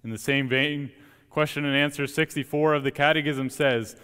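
A young man, a student preacher, delivering an earnest, emphatic sermon with deliberate pauses in a church. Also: on the high side, steady tone, bright, forceful tone, smooth. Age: young adult. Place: church sanctuary. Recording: long church reverb.

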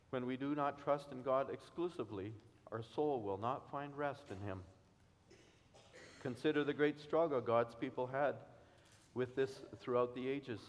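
A man preaching a sermon in an earnest, measured way, asking his listeners questions. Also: mid-range voice. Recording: long hall reverb.

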